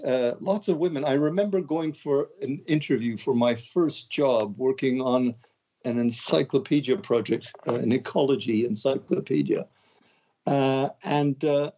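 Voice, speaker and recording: An older man from Canada, a guest author, answering interview questions in a relaxed, conversational way with wry, self-deprecating jokes. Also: mid-range voice, lo-fi sound. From Canada (Montreal).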